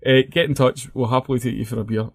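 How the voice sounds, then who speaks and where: A man's voice: mid-range voice, fast talker, creaky, slightly rough. A man with a Scottish accent, co-hosting a podcast and telling stories in casual, sweary banter. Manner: animated storyteller, swears freely. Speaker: podcast co-host.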